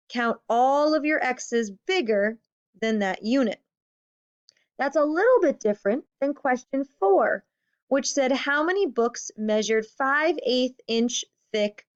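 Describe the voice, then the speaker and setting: A woman teaching a recorded math lesson to fifth graders, patient, stressing key words and counting slowly. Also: high-pitched. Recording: slightly dull lo-fi audio.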